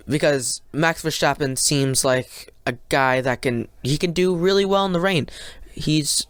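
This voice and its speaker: A podcast host giving a casual solo race review, talking in an excitable, rambling way that often breaks into rants, with many fillers and restarts. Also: mid-range voice, clean tone, dry recording.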